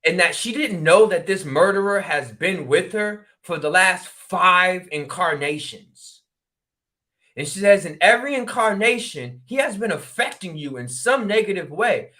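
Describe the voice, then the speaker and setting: Man from connecticut, high bright voice, animated storytelling, acts out both sides of a conversation. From New Haven, Connecticut. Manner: animated, acts out dialogue with quick exclamations. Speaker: spiritual regression practitioner. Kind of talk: storytelling in casual talk.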